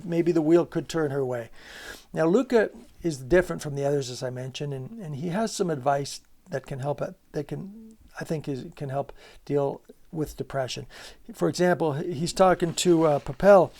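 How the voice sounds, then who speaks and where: A man's voice: fairly high pitch, a little mellow. A man giving an unscripted lecture on literature, earnest and emphatic, asking rhetorical questions and often restarting his sentences.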